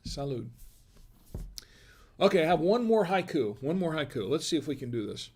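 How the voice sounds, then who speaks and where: A talkative man hosts a casual livestream. His voice sits somewhat high for a man. He reads chat messages aloud and keeps tossing questions back to his viewers. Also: very animated, normal speed, a little mellow, husky. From United States. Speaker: wine review livestream host.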